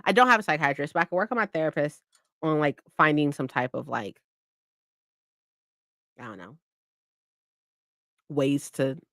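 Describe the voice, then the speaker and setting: A woman's voice: deep voice, animated, moderate pace, pauses often, a bit bright, no room sound, studio quality. A woman chatting casually on a live book stream, repeating herself and swearing freely.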